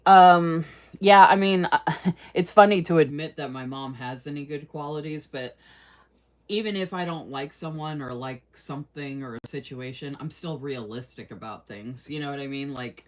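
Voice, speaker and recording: A woman's voice: deep voice, moderate pace. A woman hosting a casual livestream, chatting with viewers, reading their comments aloud and laughing often. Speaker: livestream host.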